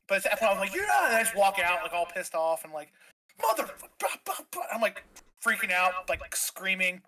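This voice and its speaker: A man's voice: high voice, sharp tone, rough recording. A man in his thirties, a streamer guest, telling a rambling story full of fillers and swearing. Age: 30s. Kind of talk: casual storytelling.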